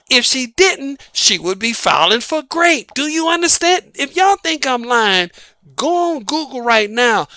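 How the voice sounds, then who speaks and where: His voice is pushed, bright, and smooth, with no room sound: a Southern US man running a dating advice channel. In an opinionated, emphatic monologue he asks rhetorical questions, answers them, and caps points with "boom."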